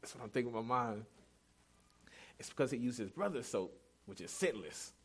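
A man's voice: medium pitch, expressive, fairly quick, husky. A man in his thirties preaching a sermon as pastor, telling a family story in a candid, self-deprecating, conversational way.

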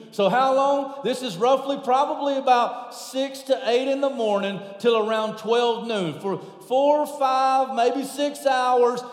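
High-voiced animated preacher in echoey hall. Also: male voice. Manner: animated, shouting at peaks then dropping very low. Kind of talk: sermon.

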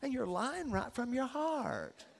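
A middle-aged pastor preaching a sermon, animated and acting out the characters he describes. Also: very high-pitched, slow pace, gravelly, some chatter behind. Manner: animated storytelling, acts out voices.

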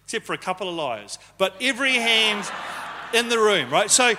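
A pastor, possibly, preaches a conversational sermon in a church hall, teasing his congregation. His voice sits high and is very animated, moving at a normal speed over a noisy background. It's a live sermon recording with long hall reverb.

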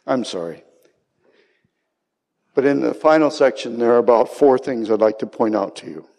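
Set in a long reverberant hall, this sermon comes in a mid-range, darkish voice at normal speed. The preacher speaks with passion, climbing to cries on the quoted key words.

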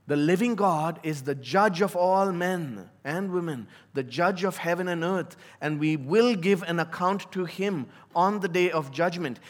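A pastor delivers his sermon with earnest conviction, his voice sitting a little higher than most men's. He leans into important words and draws them out slowly for emphasis. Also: animated. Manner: earnest, emphatic preaching that slows on key words.

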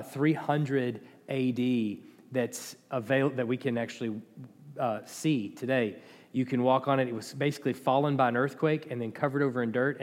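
A man teaching a Bible lesson in a conversational way, with restarts and dry asides. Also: medium pitch. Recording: long hall reverb.

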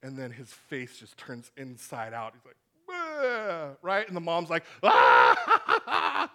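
A man preaching a sermon to a congregation, animated and acting out the voices in his stories. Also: mid-range voice, normal speed. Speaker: pastor. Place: church hall with congregation.

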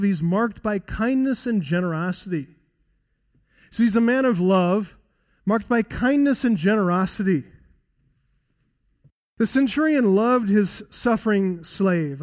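A man preaching a sermon as pastor-teacher, earnest and expository, slowing down to stress key points. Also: high-pitched, darkish tone. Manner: earnest expository preaching, varies pace for emphasis.

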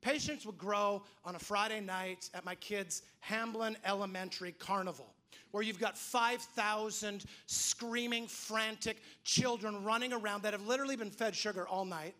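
A man in his thirties delivers a church sermon with a high, ringing voice. His tone is bright and forward, and he slips into little acted-out quotes as he tells stories. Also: normal speed. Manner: animated storytelling, acts out quoted voices. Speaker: pastor.

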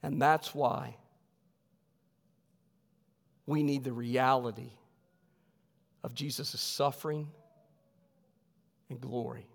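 A male pastor preaching a sermon with emphasis, his voice sinking low on key words. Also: fairly even intonation, takes it slowly, gravelly. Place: church sanctuary. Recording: long hall reverb.

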